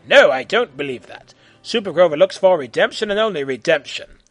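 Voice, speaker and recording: A man's voice: high voice, animated, brisk, a bit bright. A man voicing an earnest, naive male furry monster superhero in an amateur audio story. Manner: earnest, refers to himself by name.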